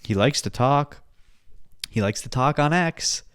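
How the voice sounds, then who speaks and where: A young man talks loosely into his podcast mic, full of swearing and asides. He rambles from one thought to the next and keeps breaking into laughter. His voice sits at an ordinary male pitch. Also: lively intonation, unhurried, a bit bright, clean tone. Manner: profane, rambling, laughs a lot. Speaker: podcast host. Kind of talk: casual podcast chat.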